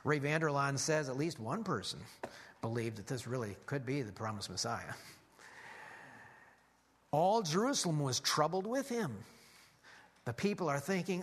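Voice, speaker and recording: A man preaching a sermon as a lively story, animated, with frequent restarts. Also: mid-range voice, moderate pace, long pauses, breathy edge.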